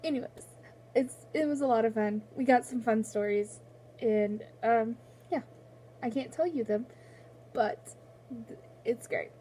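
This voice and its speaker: A woman's voice: on the high side, a little slow, long pauses, warm tone, slight background noise. A young woman vlogging casually at home about books, rambling with lots of fillers and restarts, close to tears. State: tearful, on the verge of crying. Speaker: book vlogger. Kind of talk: casual vlog chat.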